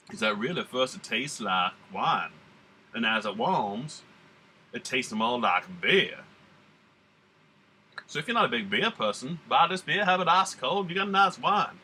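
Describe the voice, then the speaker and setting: An American man hosts a casual beer-tasting vlog, rambling in a laid-back way with slang and a put-on Southern drawl. His mid-range voice is expressive, bright and forceful at a normal speed. There's a little hiss or hum in the recording.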